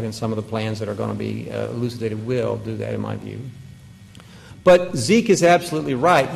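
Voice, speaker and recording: A man's voice: medium pitch, vocal fry, in a large hall, slight background noise. A man speaking as a conference panelist, giving a policy talk with emphatic points and wry, joking asides. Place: conference hall.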